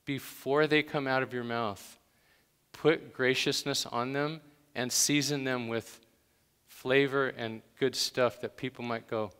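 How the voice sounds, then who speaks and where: Slow, bright-voiced man preaching in a hall. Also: medium pitch, steady tone, clear, resonant tone. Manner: conversational, emphatic bursts. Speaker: pastor. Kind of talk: sermon.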